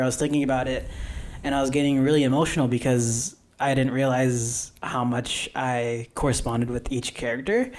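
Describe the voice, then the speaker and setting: A young man hosting a casual podcast, talking in a relaxed, earnest way with plenty of fillers. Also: mid-range voice. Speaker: podcast host. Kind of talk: casual chat.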